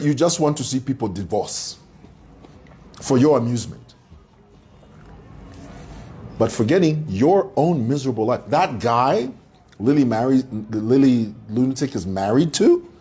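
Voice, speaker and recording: Host, male, mocking commentary monologue, lively pitch that swings up and down, preacher-like asides to the audience. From Zambia. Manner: combative, mocking, preacher-like address to viewers.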